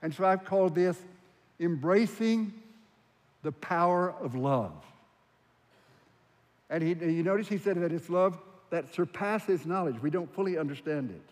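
A man's voice: high-pitched, measured pace, long pauses. A man preaching a sermon, earnest and emphatic, stretching out the phrases he stresses. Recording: long hall reverb.

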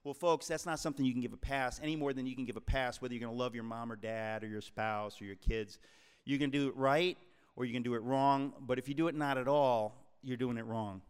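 A man's voice: mid-range voice, brisk, clear, resonant tone. A man in his sixties from the New York area, an author giving an emphatic, preacherly talk to a live audience and calling them folks. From New York tri-state area, USA. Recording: long hall reverb.

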